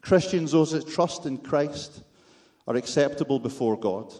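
A man's voice: a little high, a little slow, mellow. A man with a Scottish accent preaching a sermon, with wry, self-deprecating humor and rhetorical questions to the congregation.

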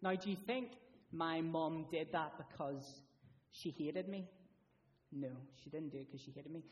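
A man giving a children's talk in church, asking the children lots of questions in a lively, friendly way. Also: a little high, far from the mic, slight background noise.

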